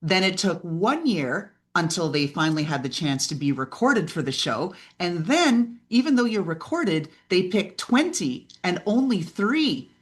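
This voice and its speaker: Animated woman mentor telling stories. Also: on the low side, measured pace, few pauses. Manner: lively storyteller who acts out quoted voices and often asks "right?". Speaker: podcast guest and business mentor. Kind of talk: animated interview conversation.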